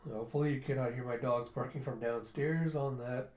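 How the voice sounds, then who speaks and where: A man's voice: medium pitch, steady tone, fairly quick, a little mellow, roomy sound, slight background noise. Casual man narrating a comic read-through. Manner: loose, chatty retelling with many "he's like". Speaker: manga reviewer. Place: home.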